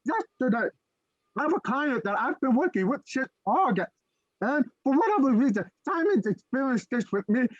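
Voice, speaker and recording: A man with the speech of a deaf person, co-hosting a casual chat and telling lively stories. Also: normal speed, no room sound, muffled recording. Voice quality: deaf speech that listeners hear as unusual. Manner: animated storyteller, swings his pitch widely. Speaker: podcast co-host.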